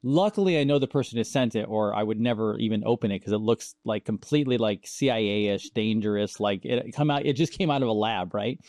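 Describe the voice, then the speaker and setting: A man hosting a conversation, telling stories in a casual, animated way and acting out the quoted voices. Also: on the low side, fairly quick, few pauses, dry recording, clean studio sound. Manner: animated, acts out quoted dialogue, laughs often. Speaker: show host.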